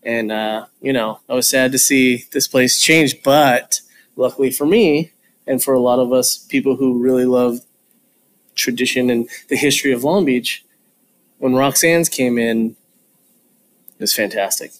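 A man's voice: mid-range voice, a little slow. A man from California, co-hosting a podcast and chatting in a playful way. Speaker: podcast co-host. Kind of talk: casual bar chat.

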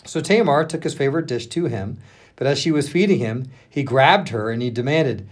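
A man, a pastor, reading a Bible passage aloud on a podcast, with lively expression, stopping now and then to check how a name is said. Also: mid-range voice, normal speed.

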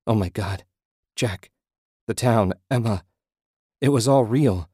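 A man's voice: fairly low pitch, slow pace, a little mellow, slightly rough, no room sound, clean studio sound. A man voicing a desperate injured man who pleads and cries out in anguish. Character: injured desperate middle-aged man, panicked.

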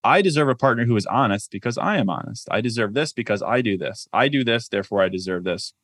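A man's voice: mid-range voice, animated, fast, a bit bright, husky, dry recording, studio quality. A man talking as an author and guest on a podcast, reflective and practical, often saying "like" and "I mean". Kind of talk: conversational podcast interview.

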